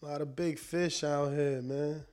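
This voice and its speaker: Relaxed male call-in host, takes his time, a touch high-pitched, soft music under him. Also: unhurried. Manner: laid-back, slangy, calls out listeners by name. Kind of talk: casual call-in chat.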